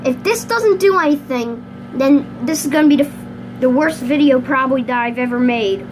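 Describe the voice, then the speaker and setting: Young female vlogger, high and very lively voice, unhurried, exasperated, faint noise behind. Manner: exasperated, frequent outbursts of disbelief. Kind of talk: casual home vlog.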